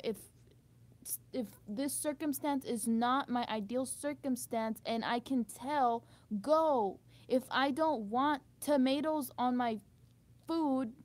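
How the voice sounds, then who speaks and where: A young woman in an emotional venting monologue, frustrated and blunt, swearing freely and restarting her sentences as she rambles. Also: sits high. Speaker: vlogger.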